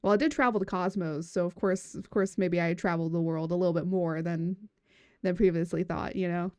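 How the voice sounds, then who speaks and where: A woman's voice: mid-range voice, darkish tone, smooth, no echo, studio quality. A woman streaming as a VTuber, chatting casually, giggling and rambling as she restarts her words. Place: room at home.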